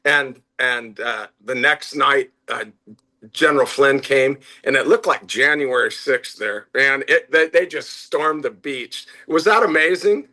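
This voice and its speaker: A man who owns a restaurant, a guest on a talk show, telling excited anecdotes with restarts. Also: mid-range voice, unhurried. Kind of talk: casual interview chat.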